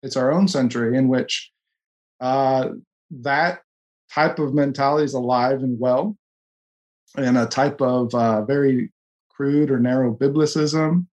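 A man from the Coast, talking in an earnest, self-deprecating, halting way as a podcast co-host in a casual discussion. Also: medium pitch, steady tone, darkish tone. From US West Coast.

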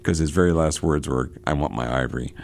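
On his radio show about books, a man with a very deep, creaky voice reads novel excerpts and comments on them, hesitating often and restarting his sentences amid lots of filler.

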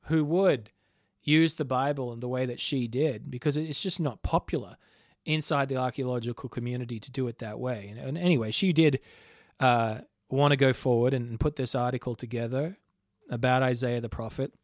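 Give me a man in his thirties hosting a show, mid-pitched and conversational, recorded dry. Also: normal speed, no echo. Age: 30s. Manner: conversational, with frequent restarts and reminiscing asides. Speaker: host. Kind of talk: casual spoken commentary.

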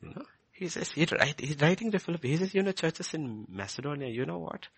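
A man preaching a sermon, animated and repetitive, building to emphatic peaks. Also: on the high side, brisk, slightly rough.

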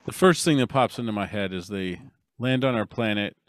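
A man co-hosting a casual podcast chat, unhurried and laughing through his answers. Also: lowish voice, no room sound. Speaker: podcast co-host.

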